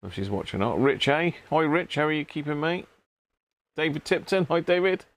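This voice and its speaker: A man's voice: on the high side, very animated, moderate pace. Chatty man hosting a live stream. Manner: chatty, greets viewers by name, drops in throat clears. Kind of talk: casual live-stream chat greeting viewers. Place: home workshop.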